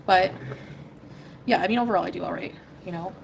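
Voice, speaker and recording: A woman from Canada chatting on her livestream, hedging and rambling as she talks. She speaks quickly. Faint noise hums in the background. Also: lowish voice, creaky. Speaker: streamer. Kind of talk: casual livestream chat.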